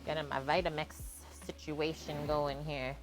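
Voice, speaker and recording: A woman's voice: sits low, little pitch movement, a little slow, music in the background. A woman from Canada chatting casually on a live cooking stream, greeting and thanking viewers by name and laughing often.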